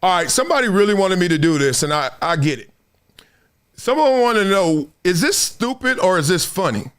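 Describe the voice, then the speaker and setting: Guy host just chatting on his stream, kinda high voice, laughs a lot, does everybody's lines. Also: big pitch swings, a little fast, a bit bright, smooth. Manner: laughing, acts out other people's lines. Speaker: show host. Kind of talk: casual livestream storytelling.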